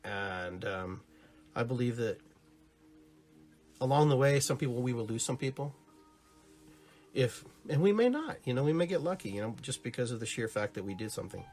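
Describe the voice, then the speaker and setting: A man's voice: medium pitch, sing-song, normal speed, long pauses, a little mellow, faint music behind. A man hosting a live-streamed podcast, chatting casually and rambling, who greets his viewers and acts out little stories. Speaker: podcast host.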